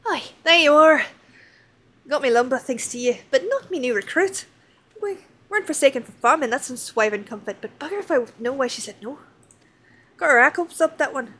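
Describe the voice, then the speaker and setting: A woman's voice: high-pitched, expressive, a little fast, sharp tone. A woman voicing a chatty, fond old pirate crewmate in a salty sailor's dialect while reading game dialogue aloud. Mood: gruff.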